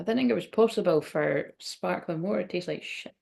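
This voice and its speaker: This tarot and oracle card reader hosts a relaxed livestream, reading oracle cards while chatting, rambling, exclaiming and laughing at herself often. Her voice is lowish, creaky and darkish in tone, and she talks fairly quickly.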